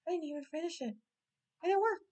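A woman's voice: very high voice, fast, darkish tone, dull audio, pitched above the performer's own voice. A woman voicing a mischievous male prankster who casts silly spells, speaking in a sugary, teasing, falsely innocent way.

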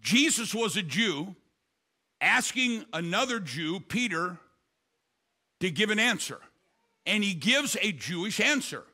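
High, bright-voiced older preacher. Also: male voice, sing-song, slightly rough. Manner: preaching with sudden loud bursts and quick asides. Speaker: pastor. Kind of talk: sermon.

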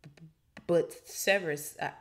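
A woman's voice: low-pitched, expressive, brisk, darkish tone. A woman voicing a nervous male wizard teacher who stutters through his words in a storybook reading.

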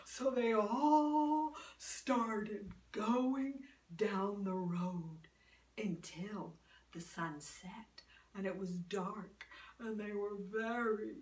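A woman telling a fairy tale aloud, drawing her words out and dropping soft and low. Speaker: storyteller. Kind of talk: oral fairy-tale storytelling. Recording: roomy room, voice from a distance.

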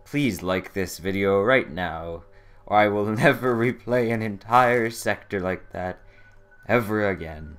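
Low, slow-talking exasperated gamer guy. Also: fairly bright tone, soft background music. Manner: exasperated, sarcastic, swears at the game. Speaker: let's play commentator. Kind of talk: casual gameplay commentary.

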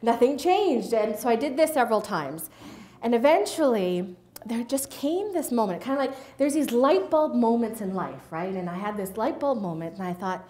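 A woman gives an earnest personal testimony before a group, her fairly high voice halting and restarting as she checks in with her listeners. The sound carries the roomy echo of a hall. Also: animated, warm tone. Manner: earnest, halting, with many restarts and tag questions. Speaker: invited faith speaker.

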